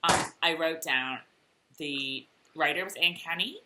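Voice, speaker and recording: Unhurried and low-pitched, this podcast co-host giggles and rambles through a casual video-call chat, using lots of fillers. Background noise is audible.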